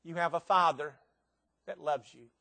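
An older man preaching a sermon to a church audience, swinging between soft and loud with strong emphasis. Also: steady tone, normal speed, vocal fry. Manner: emphatic, dramatic swings in pitch and volume. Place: church meeting before a live audience.

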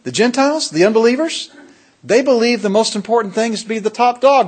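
A man preaching a sermon in a fairly high voice. He leans hard on key words and throws questions out to the congregation. His delivery is emphatic and pastoral. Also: expressive, fast talker, slightly rough.

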